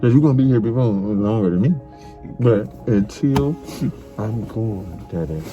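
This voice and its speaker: A man's voice: fairly low pitch, animated, measured pace, dull audio, music in the background. A middle-aged man, a father, crying as he tenderly tells his son he loves him, repeating himself often. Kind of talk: emotional family conversation.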